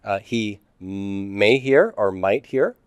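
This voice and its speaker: A man's voice: on the low side, animated, slow pace, clean tone, no echo, muffled recording. A middle-aged man teaching a class, explaining step by step and asking and answering his own questions. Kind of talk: classroom lecture.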